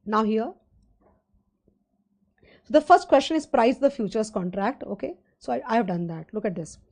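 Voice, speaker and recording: Her voice is on the high side, expressive and a little mellow, at a moderate pace: a woman with an Indian English accent leading a live online finance lecture. She teaches in a rambling, conversational way, heavy on fillers and rhetorical questions to students.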